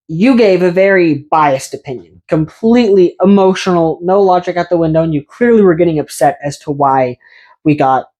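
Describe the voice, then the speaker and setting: A man's voice: a little high, a little mellow. A man, a fitness YouTuber, delivering a ranting vlog monologue to camera in an exasperated, sarcastic way, with self-aware asides.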